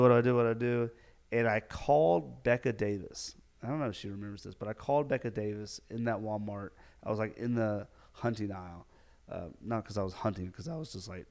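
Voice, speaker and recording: A man hosting a casual solo podcast, animated and rambling, filling his talk with "like". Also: lowish voice. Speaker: podcast host.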